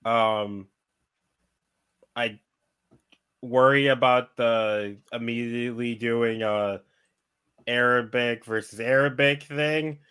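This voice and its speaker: A man's voice: mid-range voice, steady tone, takes it slowly, pauses often, a bit bright, smooth. A man on a podcast scoring a segment, casual and a bit hesitant with many ums. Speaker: podcast co-host judging.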